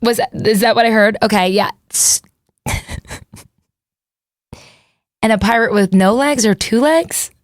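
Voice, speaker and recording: A woman's voice: fairly high pitch, normal speed, no echo. A woman in her thirties hosting a podcast, rambling and self-deprecating in casual chat. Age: 30s. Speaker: podcast host.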